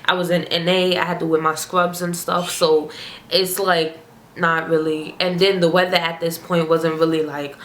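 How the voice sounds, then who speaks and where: A young woman, a vlogger, telling a casual, animated storytime in slangy everyday speech. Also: fairly low pitch, moderate pace. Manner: chatty, animated, slangy storyteller who breaks into character voices. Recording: roomy echo, faint ambience.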